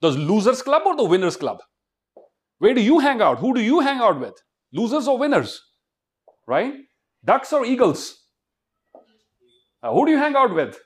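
A man giving a motivational talk to students, animated and constantly quizzing the crowd. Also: very high voice, normal speed, pauses often. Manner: animated, keeps quizzing the audience and leading call-and-response. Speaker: motivational speaker.

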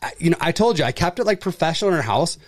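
A man telling a story in casual chat, acting out the people in it with jumps in voice and plenty of swearing. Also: very fast. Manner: animated, acts out quoted people with pitch jumps, swears freely. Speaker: furniture delivery and service worker.

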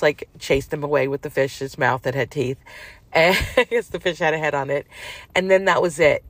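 A woman's voice: deep voice, no echo. A middle-aged woman telling a long personal story in a casual, frank, rambling way with many fillers.

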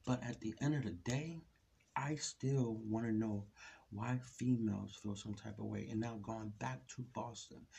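Low gravelly man ranting on camera. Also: warm tone. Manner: blunt, ranting, rhetorical questions to the audience. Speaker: vlogger. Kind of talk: solo opinion rant to camera.

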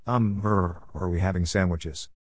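A man reading the lines of an uneasy young mother who is unsure about camping, with a slightly raised pitch. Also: steady tone, unhurried, no echo, studio quality. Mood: doubtful.

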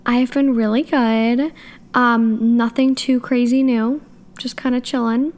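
A young woman with a fairly high voice co-hosts a podcast. She chats in a relaxed, easygoing way. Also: slow. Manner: easygoing, laid-back. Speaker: podcast co-host. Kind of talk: casual chat.

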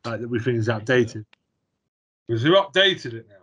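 A man's voice: mid-range voice, animated, moderate pace, fairly bright tone, slightly rough, lo-fi sound. A man co-hosting a podcast, talking bluntly and swearing freely in casual chat. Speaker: podcast co-host.

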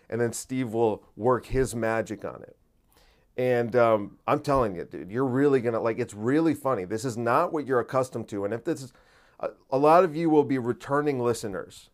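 A man's voice: mid-range voice, darkish tone. A man hosting a podcast, talking casually in a laid-back, rambling way and swearing now and then. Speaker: podcast host. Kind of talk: casual monologue intro.

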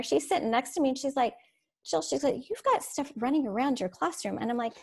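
A woman teacher telling classroom stories in a casual, animated way, laughing as she goes. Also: sits high, brisk, creaky. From Florida. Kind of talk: casual storytelling on a podcast.

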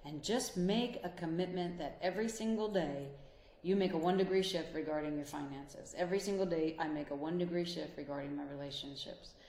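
A woman's voice: low-pitched, fairly quick, a little mellow, reverberant. A woman who works as a life coach and couples therapist, giving a motivational talk and speaking straight to the listener in an earnest, encouraging way. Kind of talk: motivational monologue.

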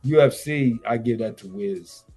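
A man's voice: medium pitch, a little slow, warm tone, slightly rough, faint music behind. A man on a radio show, bragging loosely about his fighting and betting, with rambling slang and swearing. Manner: boastful, rambling, profane slang. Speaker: radio guest. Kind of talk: boastful casual chat.

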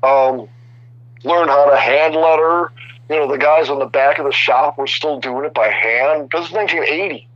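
An older man in his sixties chats as a guest, his stories full of restarts and sudden animation. His voice sits a little high. The audio is dry and somewhat dull, like a remote radio call. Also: normal speed, no room sound. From Chicago area. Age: 60s. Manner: rambling, animated, many restarts. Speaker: guest artist. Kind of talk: casual storytelling interview.

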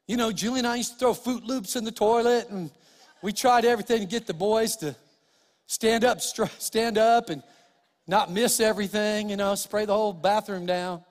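A middle-aged male pastor preaching in a church sanctuary, his fairly high voice carried by a long hall reverb. He tells funny stories with lively energy, then sinks into soft, hushed tones to press his point home. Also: normal speed. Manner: animated storytelling with humor, dropping to soft quiet tones. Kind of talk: sermon.

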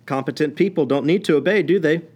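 A pastor delivering a sermon in a fairly high voice. He preaches with fervor, rising loud and then dropping to a hushed intensity to drive points home. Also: fast talker. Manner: impassioned preaching that swings from loud to quiet.

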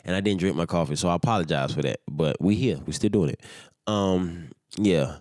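A young man with a fairly low voice hosts his own podcast and rambles loosely, swearing freely. He sounds sleepy and keeps drifting off track. The sound is dry and close, with no room around it. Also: brisk, a little mellow, no room sound. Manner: loose, rambling and profane, yawning. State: sleepy, without his morning coffee. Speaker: podcast host. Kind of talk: casual solo podcast chat.

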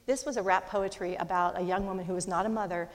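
Fast-talking woman in an echoing hall. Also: lowish voice. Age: middle-aged. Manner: fast, animated storytelling with lively quoted voices. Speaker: speaker. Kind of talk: personal storytelling talk. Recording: long hall reverb.

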